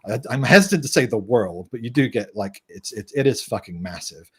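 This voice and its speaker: A man's voice: mid-range voice, animated, brisk, breathy edge. A man with a light West Country English accent talks casually as a podcast guest, rambling and restarting his sentences. He laughs easily, and a desk microphone picks him up close. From West Country, England. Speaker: guest game designer.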